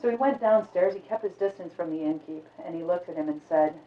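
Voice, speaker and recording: A woman telling a dark fairy tale aloud in a conversational, vivid way. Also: on the low side, quick pace, hardly any pauses. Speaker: storyteller. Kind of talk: oral storytelling. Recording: echoey, distant, phone-like sound.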